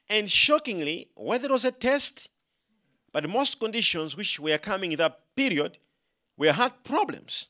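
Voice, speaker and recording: A male preacher with a fairly high, bright voice delivers a sermon in an animated storytelling way. He swings between hushed, low asides and loud, emphatic proclamations, acting out his own prayers as he goes. His pitch moves constantly. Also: moderate pace. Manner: rising to loud emphatic proclamation when quoting scripture.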